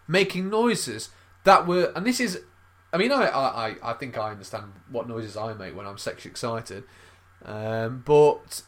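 A young man rambles through crude comedic banter, often laughing and restarting his thoughts. His voice sits somewhat high and swings widely in pitch as he talks. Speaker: podcast co-host.

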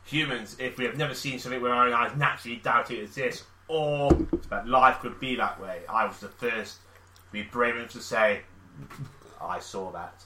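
A man co-hosting a casual podcast, reading out a story with dry, deadpan asides. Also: medium pitch, a little fast, reverberant, a little hiss or hum, rough recording. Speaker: podcast co-host.

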